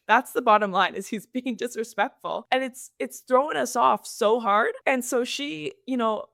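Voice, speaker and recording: A woman co-hosting a casual chat, telling a story in an animated, sassy way with frequent laughs. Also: on the high side, measured pace, creaky, hardly any pauses, no echo, clean studio sound. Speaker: co-host.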